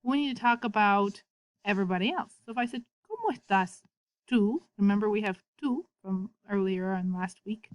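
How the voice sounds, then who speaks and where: A woman's voice: mid-range voice, expressive, dry recording. Patient woman teaching a video lesson. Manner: patient, repeats words slowly to model pronunciation. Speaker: Spanish teacher.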